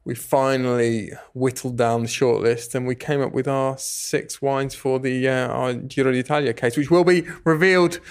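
A man's voice: medium pitch, steady tone, moderate pace, few pauses, clear, resonant tone. A man co-hosting a podcast in casual, playful chat, rambling through stories with mock slang. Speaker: podcast co-host.

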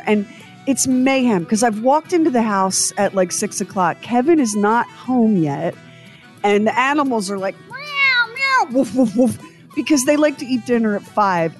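A woman co-hosting a radio show, telling a story in casual chat and acting out quotes and sounds as she goes. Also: a little high. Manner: animated storyteller, acts out quotes and sound effects.

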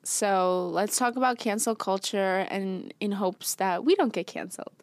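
A woman's voice: medium pitch, moderate pace, no room sound. Earnest woman co-hosting, dry sound. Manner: earnest, with playful teasing. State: sick, coughing. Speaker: podcast co-host. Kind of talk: casual faith podcast chat.

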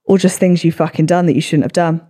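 A woman in her twenties hosts a solo podcast, reading out comments with sarcastic, sweary, self-deprecating banter. Her low voice is warm and fast, with fairly even intonation.

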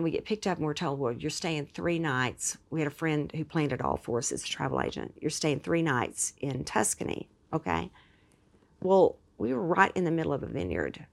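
Woman, podcast guest, low voice, animated storytelling, expressive. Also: gravelly. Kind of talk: storytelling in conversation.

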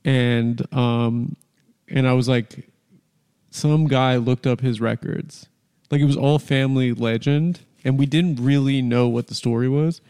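A man's voice: medium pitch, steady tone, a little slow, warm tone, smooth, in a large hall. A man hosting a podcast, chatting casually and telling rambling, crude, comedic stories. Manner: rambling, storytelling, crude humor. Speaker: podcast host.

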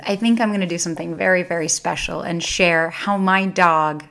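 A woman's voice: on the low side, steady tone, moderate pace, gravelly, fairly bright tone. A woman in her thirties hosting a solo podcast, talking candidly and casually, swearing freely and getting emotional. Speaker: podcast host.

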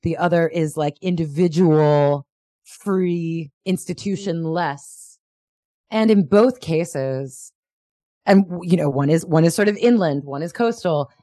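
A woman chatting casually as a podcast guest, animated and full of fillers. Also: low-pitched, a little slow, no room sound. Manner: animated, lots of "like" fillers, bursts of excitement. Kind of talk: casual chat.

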